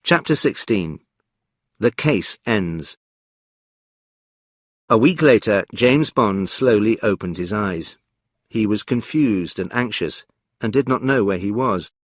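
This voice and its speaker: Calm, measured male narrator. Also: on the low side, no echo, clean studio sound. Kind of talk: scripted story narration for learners.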